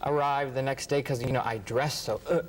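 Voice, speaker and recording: A man, a writer and interview guest, telling lively anecdotes and acting out what others said. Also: mid-range voice, fairly quick, slight background noise, poor audio. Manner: animated, acts out quotes, laughs often. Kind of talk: anecdotal storytelling.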